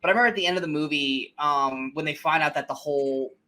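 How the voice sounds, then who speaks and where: A man's voice: fairly high pitch, fast, bright, forceful tone. A young man co-hosting a podcast, giving blunt, swear-heavy opinions about movies in casual chat. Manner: blunt, profane, emphatic opinions. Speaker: podcast co-host. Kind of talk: casual film discussion.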